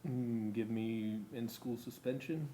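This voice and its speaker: A man's voice: medium pitch, fairly even intonation, takes it slowly, mellow. A man playing a student in a demonstration, giving short, hesitant answers.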